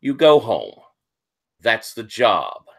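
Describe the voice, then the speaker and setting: A man voicing a curt, gruff dock foreman hiring laborers. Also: fairly low pitch, wildly swooping pitch, takes it slowly, fairly bright tone, heavily acted.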